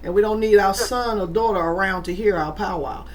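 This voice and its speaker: A woman, hosting a podcast in casual, animated chat and acting out voices. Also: medium pitch, fairly quick, a loud crowd. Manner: animated, exclaims and acts out voices. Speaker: podcast host.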